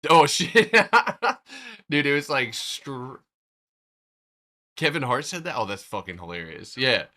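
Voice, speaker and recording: A man's voice: mid-range voice, big pitch swings, slow, sharp tone. A man from the United States hosting a trading livestream in loose, slangy chat, swearing and laughing often.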